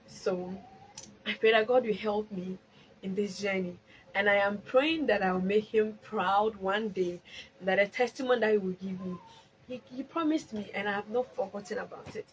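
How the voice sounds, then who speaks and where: A woman's voice: mid-range voice, normal speed, slight background noise, low-quality recording. Ghanaian woman giving an emotional testimony. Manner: emotional, swings from loud exclaiming to soft prayerful tones; mixes English with Twi phrases. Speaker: live stream host. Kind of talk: testimony and chat on a live stream.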